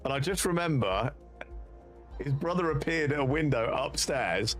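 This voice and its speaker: A man's voice: on the high side, lively intonation, normal speed, fairly bright tone, soft background music. A man with a British accent, a streamer casually telling rambling, sweary anecdotes and laughing at them. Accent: British English. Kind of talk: casual storytelling on a live stream.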